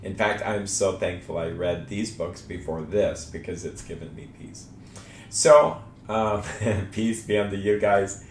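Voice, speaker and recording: A man's voice: fairly even intonation, measured pace, hardly any pauses. A man hosting a faith talk show, speaking earnestly and reflectively about trusting God in daily life. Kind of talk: personal spiritual talk. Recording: echoey room with faint rumble.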